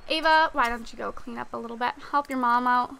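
A woman's voice: a little high, fairly quick, vocal fry, sharp tone. A young woman giving casual, chatty commentary while she plays a life-sim game, using lots of fillers. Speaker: let's play host.

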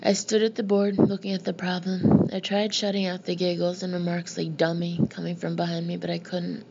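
A woman narrating an audiobook in the first person, with plain, steady storytelling. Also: on the low side, brisk, vocal fry. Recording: slightly muffled with faint hiss.

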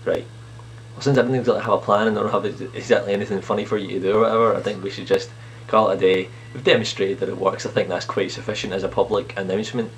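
This one is fast and steady-toned, a lowish male voice over slight background noise. A video blogger rambles at home in a self-mocking comedy skit, improvising a conversation between himself and his clone in his sitting room, caught by a camera on a TV unit.

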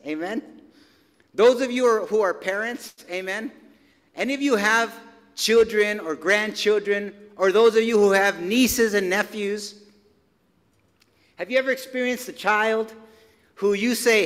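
A man's voice: sits high, a little slow, long pauses, fairly bright tone, in a large hall. A male pastor preaching a sermon in a church, talking in a loose, conversational way with casual slang and repeated phrases. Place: church sanctuary.

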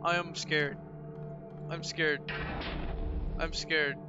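High-voiced jumpy man at a horror game. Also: flat delivery, drawn-out words. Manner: jumpy and easily frightened, repeats himself over and over; shouts in alarm and swears. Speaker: gaming channel host. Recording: dull lo-fi with game music. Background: game soundtrack music.

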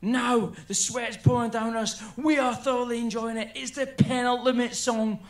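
A man's voice: very high-pitched, normal speed, roomy sound. A man doing a stand-up routine, telling stories animatedly and acting out his friends. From Scotland. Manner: animated storytelling, acts out friends' voices. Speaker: stand-up comedian.

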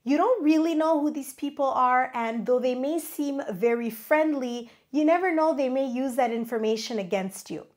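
A woman's voice: high voice, normal speed, few pauses, a little mellow. A middle-aged woman presenting travel safety tips in a friendly, advising way, counting through a numbered list. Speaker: travel vlogger. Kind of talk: scripted travel tips to camera.

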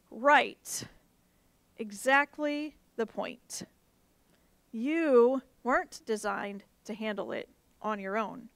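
A woman pastor preaching a sermon, earnest, moving between soft, intense passages and emphatic rises. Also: high voice, dry recording.

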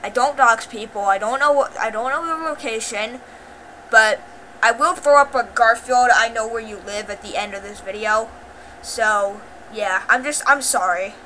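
A woman talking casually to camera in a rambling, halting apology, full of filler words and repeated pleas. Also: fairly high pitch, sharp tone, slight background noise, rough recording. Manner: pleading, repetitive apologizing. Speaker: channel owner.

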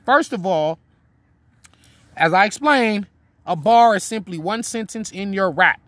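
A man's voice: sits high, lively intonation, measured pace, fairly bright tone, no room sound. A man giving a casual, talkative lesson on writing rap rhymes, now and then reciting his own bars. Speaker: battle rap teacher.

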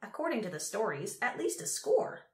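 A man's voice: sits high, very animated, moderate pace, bright, forceful tone, heavily acted. Lady doing an eager old scholar guy in an audiobook, rambly, lectures a lot, sounds a bit echoey. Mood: cheerful. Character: cheerful absent-minded old male scholar. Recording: roomy echo.

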